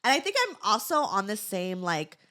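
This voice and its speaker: A young woman co-hosting a podcast, chatting casually and reading a listener's letter, with lots of "like" and quick laughing asides. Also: medium pitch, sing-song, pushed and bright. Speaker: podcast co-host.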